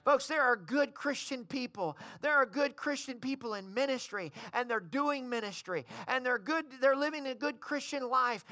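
A man's voice: very high-pitched, normal speed, few pauses, dry recording, clean studio sound. A man preaching a sermon, telling a story and calling the congregation to respond. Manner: storytelling, rising to shouted fervor.

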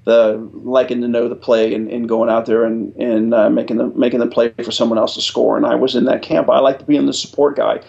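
A man's voice: mid-range voice, level tone, fairly quick, gravelly, hardly any pauses, darkish tone, highs cut off. A middle-aged man from Ohio, a retired Air Force chief master sergeant, telling stories as an interview guest, earnest with frequent restarts. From Ohio, USA. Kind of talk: storytelling interview answers.

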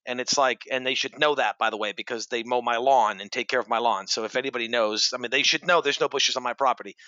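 A man's voice: medium pitch, steady tone, fast talker, sharp tone, dry recording. Man, podcast host, anecdotal chatty delivery, dull dry recording. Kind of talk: casual conversational interview.

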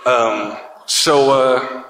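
A man's voice: mid-range voice, steady tone, extremely slow, background noise. A man co-hosting a podcast, telling a long, rambling, profane story in casual chat and laughing along the way. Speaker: podcast co-host. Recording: echoey room with long reverb.

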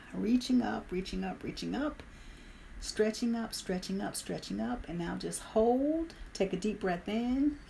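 A woman leading a guided meditation and stretching session, calm and instructive with light humor. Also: medium pitch, unhurried, vocal fry, slight background noise. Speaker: meditation leader.

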